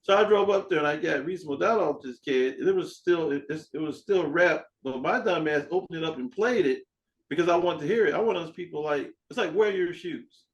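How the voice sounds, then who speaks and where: A man hosting a podcast in casual chat, an animated storyteller who acts out dialogue and swears freely. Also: a little high, fairly quick, highs cut off. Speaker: podcast host.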